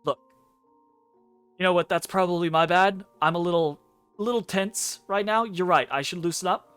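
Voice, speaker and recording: A man voicing a tense, blunt dream guide who talks quickly and sounds edgy. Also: high voice, a bit bright, clean tone, no room sound, soft background music, voice pushed up. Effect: meant to sound muffled.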